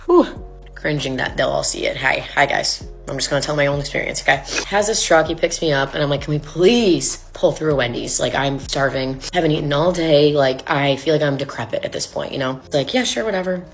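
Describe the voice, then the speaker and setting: A woman's voice: deep voice, brisk, soft background music. A woman telling a personal story in a chatty way, full of fillers and acted quotes. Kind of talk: storytime video.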